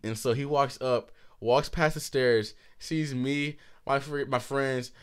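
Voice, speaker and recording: A man in his twenties co-hosting a podcast, telling a story animatedly with frequent laughter and swearing, a bit hoarse. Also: medium pitch, fairly even intonation, takes it slowly. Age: 20s. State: hoarse throat. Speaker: podcast co-host. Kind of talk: casual chat.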